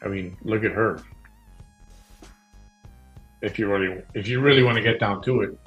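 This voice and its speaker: A man's voice: on the low side, moderate pace, fairly bright tone, highs cut off, soft background music. A man hosting a live stream, reacting to clips with incredulous exclaimed questions.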